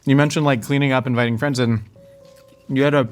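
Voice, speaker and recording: A man hosting a casual interview over a meal, asking questions in a relaxed, slangy, encouraging way. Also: mid-range voice, fast talker, soft background music. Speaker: host.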